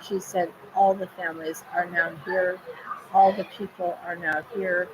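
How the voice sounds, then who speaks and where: A woman's voice: on the low side, measured pace. A woman speaking as a spirit medium, relaying messages in a channeled monologue with repetitive, chant-like phrasing. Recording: steady background noise.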